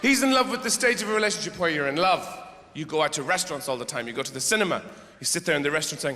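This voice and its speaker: A man doing a stand-up routine on stage, wry and exasperated, with rambling asides that burst into sudden shouts. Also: a little high, sing-song, very fast. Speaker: stand-up comedian. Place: comedy stage in a large hall. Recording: echoey hall with background noise.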